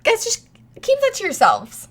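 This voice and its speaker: Her voice sits very high, though her speed is ordinary. As a co-host on a casual podcast, this young woman recounts a story with gusto, peppering it with profanity and imitating what each person said.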